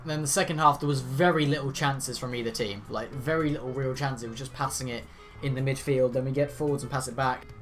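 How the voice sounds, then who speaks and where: An excitable man calls a football match as a fan, narrating each pass and then erupting into loud shouts at the players. His voice sits at a middling pitch, with faint music underneath. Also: fast talker. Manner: play-by-play narration mixed with rants. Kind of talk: live match reaction commentary.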